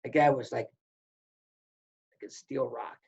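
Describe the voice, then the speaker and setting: A former wrestler, appearing as a podcast guest, tells wrestling stories in casual chat, animatedly acting out the quotes. His voice is mid-range, a little slow, and creaky. The audio is dull and lo-fi.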